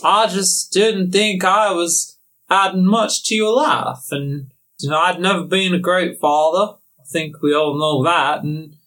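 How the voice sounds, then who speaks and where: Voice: medium pitch, measured pace, a bit bright, voice pushed up, lightly acted. A game master voicing a boastful pirate father who ran off to sea, in a folksy old-timey drawl. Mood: rambling.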